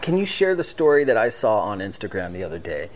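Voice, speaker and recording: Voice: mid-range voice, big pitch swings, fast, slight background noise. Enthusiastic podcast host. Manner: enthusiastic, emphatic. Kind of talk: podcast conversation.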